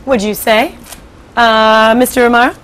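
A woman teaching fifth graders in a classroom, giving clear directions and prompting students for answers. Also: on the high side, fairly even intonation, a little slow, a bit bright, slight background noise, poor audio. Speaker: 5th grade writing teacher. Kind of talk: classroom teaching and read-aloud.

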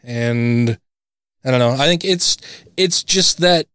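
A man from Utah co-hosting a podcast in easygoing chat. He speaks at a mid pitch, bluntly and with plenty of swearing, and laughs often. The recording is dry and close. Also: takes it slowly, fairly bright tone, smooth, no room sound. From Utah, USA. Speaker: podcast co-host.

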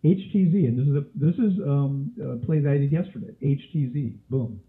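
A man's voice: a little high, a little fast. A man teaching a live trading webinar, quizzing his listeners with question after question, with a cough and a scratchy throat. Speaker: trading instructor. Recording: tinny phone-like audio.

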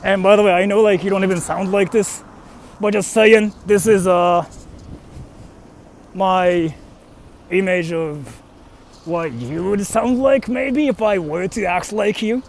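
A man's voice: high voice, a little slow, pauses often, slight background noise. A young man, a freelance translator and voice actor, chatting casually and rambling as he walks outdoors to a station, speaking into a handheld phone. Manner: rambling, with fillers and self-questioning. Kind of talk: casual vlog talk while walking. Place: outdoors on a street, walking to a station.

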